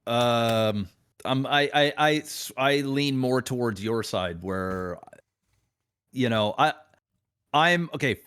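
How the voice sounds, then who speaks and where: Man, mid-pitched voice, hesitant, profane, casual podcast chat. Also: takes it slowly, pauses often, a bit bright, clear, resonant tone. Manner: hesitant, stammering, blunt and profane. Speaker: podcast co-host.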